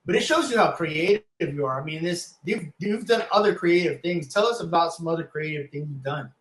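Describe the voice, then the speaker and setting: A podcast host steering a casual interview and pressing the guest for examples. The voice is mid-pitched, and the room echo is clearly heard. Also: lively intonation, a little fast. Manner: prompting, asks the guest for demonstrations.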